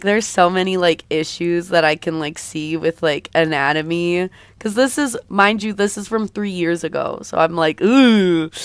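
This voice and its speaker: This streamer and artist has a fairly low, gravelly yet clear and resonant voice that's slightly raw, with no room sound. She chats casually with her viewers during a live stream, meandering and hesitant.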